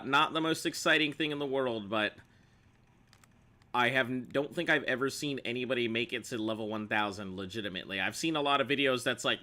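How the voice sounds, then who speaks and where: A man's voice: mid-range voice, sharp tone. A man streaming gameplay, joking playfully with his viewers and laughing often. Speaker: game streamer. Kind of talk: gameplay commentary chatting with viewers.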